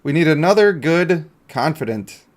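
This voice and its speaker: A man's voice: a little high, expressive, normal speed. A male game streamer in casual live-stream commentary, chatty and joking as he talks to himself and his chat.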